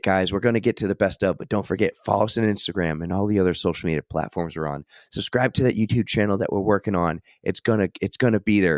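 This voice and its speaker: A man hosting a casual podcast intro, hoarse and losing his voice, chatty and jokey. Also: low-pitched, no room sound, clean studio sound. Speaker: podcast host.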